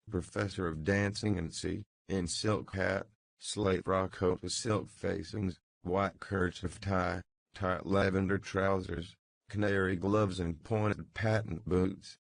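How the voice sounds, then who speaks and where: A man reading a literary novel aloud as an audiobook narrator, in a slow, measured, even manner. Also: deep voice, gravelly, no room sound.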